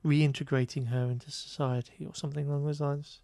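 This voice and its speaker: A man's voice: a little high, level tone, brisk, vocal fry, mellow, dry recording, studio quality. A man co-hosting a casual podcast, recapping a film in a wry, exasperated way with lots of fillers. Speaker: podcast co-host. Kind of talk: casual chat reviewing a film.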